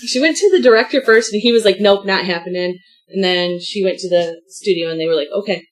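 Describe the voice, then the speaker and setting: A woman's voice: medium pitch, quick pace, low-quality recording. Woman, podcast co-host, casual chat, matter-of-fact trivia, mid-range voice.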